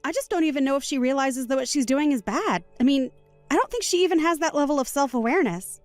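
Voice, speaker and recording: A woman voicing a calm, composed young woman wronged at a wedding, speaking in a measured, firm way in a voiced story drama. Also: high voice, no echo, soft background music.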